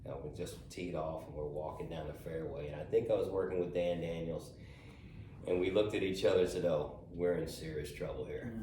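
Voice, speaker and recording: A middle-aged caddie with a deep, low voice tells stories in a loose, halting way, often stumbling over repeated words. He sits some distance from the mic in a roomy, echoing space, and a faint hiss of background noise runs under his voice. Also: steady tone, dark tone. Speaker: golf caddie. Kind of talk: casual storytelling interview.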